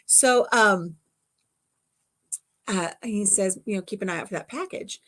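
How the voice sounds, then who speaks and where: A woman co-hosting a casual home livestream, chatting and telling stories with lively acted-out quotes. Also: medium pitch, a little slow. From Arkansas. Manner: chatty, animated, acts out quotes. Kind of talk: casual storytelling chat.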